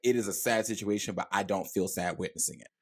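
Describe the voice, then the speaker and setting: A man's voice: deep voice, fast talker, husky, dry recording, studio quality. A man co-hosting a podcast, talking things through thoughtfully with many hedges and fillers. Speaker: podcast co-host. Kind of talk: casual conversation.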